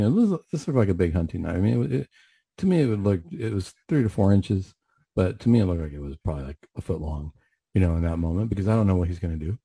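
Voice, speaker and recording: A man's voice: low voice, sing-song, fast, gravelly, warm tone, breathy edge, dry recording. A man telling a story from his work in mental health, earnest and reflective, acting out his own questions. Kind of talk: storytelling monologue, faith-based talk show.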